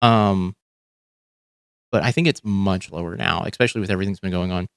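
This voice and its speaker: A man's voice: deep voice, fairly quick, creaky, smooth, no room sound, clean studio sound. A man hosting a livestream, chatting casually about politics in a rambling, profane way with lots of fillers and restarts. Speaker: livestream host.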